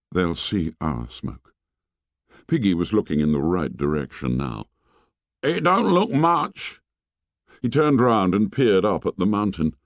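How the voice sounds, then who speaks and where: Deep-voiced male audiobook narrator, expressive. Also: dry recording, clean studio sound. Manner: dramatic, dropping low and soft on grim lines. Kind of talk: expressive novel reading.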